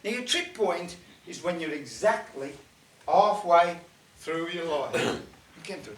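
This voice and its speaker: An older man spins a yarn at a folk club, his voice high and swinging widely in pitch. He chats and jokes in dialect. The recording is roomy and echoey, with him some way from the mic. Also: animated, a little slow, a little hiss or hum. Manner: chatty, jokey, dialect phrasing. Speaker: storyteller. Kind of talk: live folk club storytelling. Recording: echoey room, mic at a distance.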